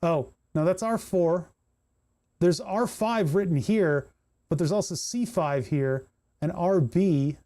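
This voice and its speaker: His voice sits on the high side, unhurried and warm. As a streamer putting together electronics kits, he offers relaxed commentary while soldering, narrating each step and muttering in frustration over missing parts.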